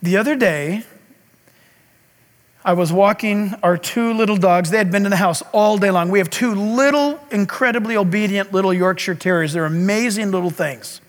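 A man preaching a sermon as pastor, telling stories in an animated way and breaking into loud calls. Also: sits high, normal speed, long reverb tail.

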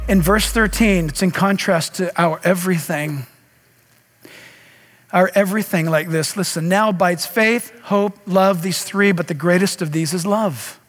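Man, pastor, impassioned sermon, very high pitch, long hall reverb. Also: measured pace, a bit bright, faint music behind. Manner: impassioned preaching, direct address to congregation.

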